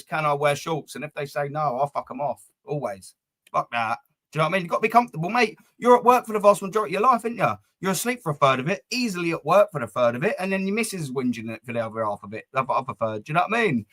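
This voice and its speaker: A young man rambles through a live fan stream, reading out chat comments. He talks bluntly, swears freely and stumbles over repeated words. His voice sits a little higher than most men's. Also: fairly bright tone.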